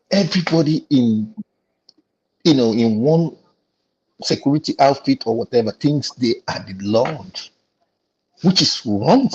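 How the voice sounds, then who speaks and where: A man's voice: mid-range voice, a little mellow, husky, muffled recording. A man with a Nigerian accent in a casual panel discussion, telling an indignant story and acting out the exchanges.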